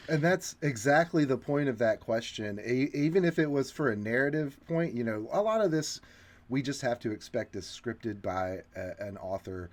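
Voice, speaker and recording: A man's voice: medium pitch, lively intonation, normal speed. A man co-hosting a casual film discussion, analyzing characters' motives in an explanatory way with occasional fillers. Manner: analytical, breaks down motives and points out scripting.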